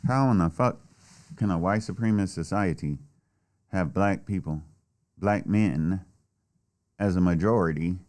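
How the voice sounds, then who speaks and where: A man's voice: sits low, unhurried, long pauses, a little mellow. A man delivering a blunt, heated, heavily profane solo political rant. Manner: blunt, heated, swears often. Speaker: political commentator.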